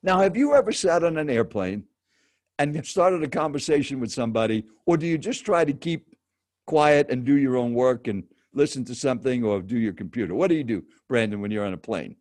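A man's voice: mid-range voice, fairly quick, no room sound, clean studio sound. A professional speaker, a man, telling a personal anecdote and turning to his listener with direct questions. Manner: lively storyteller, addresses listener directly. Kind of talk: personal anecdote told to a host.

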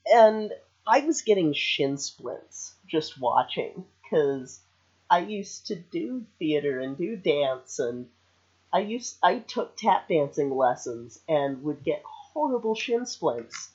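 A woman with a husky, breathy voice chats as a podcast co-host. Her pitch moves a lot, and she is wry and supportive. The sound is slightly dull. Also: very animated, slow, darkish tone. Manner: supportive, wry, laughing along. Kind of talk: casual chat reviewing a film.

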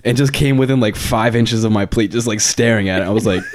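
A young man co-hosting a podcast, relaxed and hesitant, breaking into laughter. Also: fairly low pitch, fast, crowd noise. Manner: laid-back, lots of "um", bursts of laughter. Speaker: podcast co-host. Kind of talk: casual chat.

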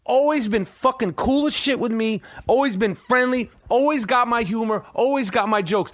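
A man hosting a podcast, telling a rambling, profane, excited story full of restarts. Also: very high voice, moderate pace, few pauses. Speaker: podcast host. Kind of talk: casual storytelling monologue.

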